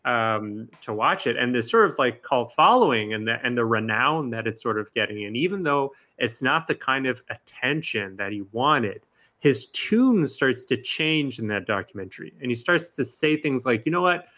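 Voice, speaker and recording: A man's voice: medium pitch, expressive, moderate pace, pushed and bright. A man in casual conversation, joining in and retelling a story with acted quotes. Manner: conversational, acts out quotes with swearing. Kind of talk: casual podcast chat about films.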